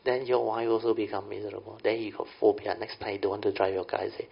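Middle-aged Malaysian-English man, Buddhist teacher, gravelly voice, folksy Dhamma talk, lo-fi recording. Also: lowish voice, level tone, quick pace. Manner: folksy, often checks in with "understand?". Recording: dull lo-fi recording.

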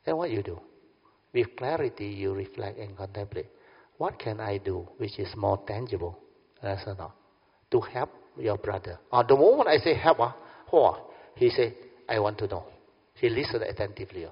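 In a dharma talk, a Buddhist teacher tells a story animatedly, acting out both sides of a conversation and repeatedly asking "understand?". His lowish voice is slightly rough and moderately paced, captured in dull lo-fi sound with long hall reverb.

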